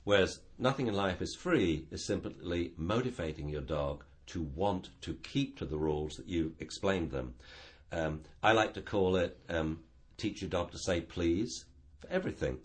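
A man talking about dog training in a casual chat, animated and acting out little dialogues. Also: low voice, normal speed.

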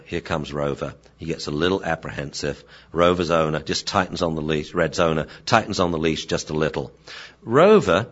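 A man, a veterinarian and dog trainer, explaining dog behavior in a lively storytelling manner. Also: low-pitched. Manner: lively storytelling, acting out scenes. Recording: dull lo-fi sound.

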